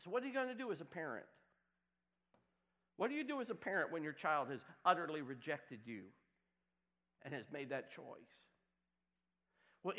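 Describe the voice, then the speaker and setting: A man preaching a sermon to a congregation, swinging from loud emphatic bursts to hushed, quiet lines. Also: high-pitched. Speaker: pastor.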